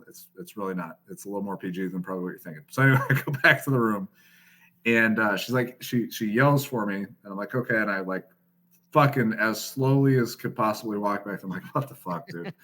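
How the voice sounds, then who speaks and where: This podcast guest, a man in his thirties with a lowish voice, moves at a quick pace through a laid-back anecdote. He curses freely and keeps laughing, animated the whole way.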